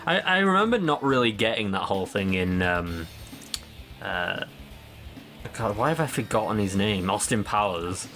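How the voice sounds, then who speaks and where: Joking Mancunian man, lowish voice. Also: lively intonation, moderate pace, a bit bright, faint music behind. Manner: joking, giggly asides. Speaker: let's play co-host. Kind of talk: casual gameplay chat.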